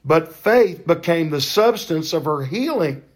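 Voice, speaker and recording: An older man hosting a podcast, telling a faith testimony in a fervent, preacher-like way with drawn-out emphasis. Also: on the high side, expressive. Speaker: podcast host.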